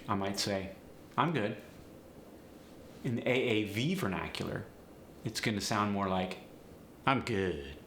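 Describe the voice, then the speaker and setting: A man explains speech patterns like a dialect coach, clear and measured. His voice sits on the low side but sounds bright and pushed forward. The room echoes around him, with a faint noise underneath. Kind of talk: instructional explanation. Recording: roomy echo, faint noise.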